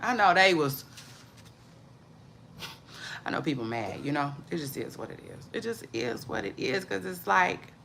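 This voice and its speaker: A woman's voice: lowish voice, very animated, measured pace, gravelly, long pauses, a bit bright, a little hiss or hum. A woman hosting a casual celebrity gossip livestream, drawling and loose, calling viewers "child" and repeating her catchphrases.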